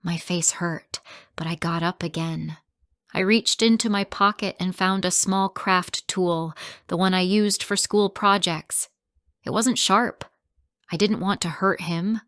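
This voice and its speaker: Slow, low-voiced woman storyteller. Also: fairly bright tone, dry recording, clean studio sound. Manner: simple, clear sentences, first-person telling. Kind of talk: slow scripted story narration for English learners.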